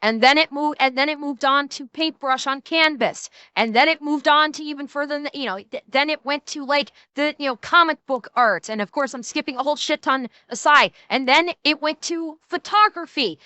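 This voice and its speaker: A woman's voice: high voice, pushed and bright, no room sound. A woman streamer giving a blunt, lecturing commentary and swearing casually as she talks.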